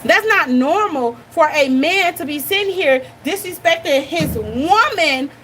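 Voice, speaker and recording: Woman, high voice, blunt, animated, talking to viewers, faint hiss. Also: a little slow. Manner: blunt, animated, talks straight to the audience. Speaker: reaction channel host. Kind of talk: casual commentary to viewers.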